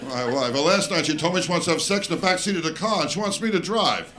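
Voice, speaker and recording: A man with a voice on the high side performs stand-up live in a club, quick-paced and animated as he fires self-deprecating, brash jokes and banters with the audience. Loud crowd laughter and noise fill this live club recording.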